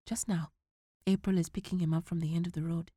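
Brisk, matter-of-fact storybook mother, lowish and plain, woman reader. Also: little pitch movement, mellow, slightly rough, dry recording, clean studio sound.

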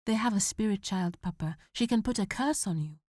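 Woman reading as a scared 14-year-old boy in a storybook, high, urgent and pleading, dry close sound. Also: lively intonation, brisk, darkish tone, dry recording, close to an everyday voice. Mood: desperate.

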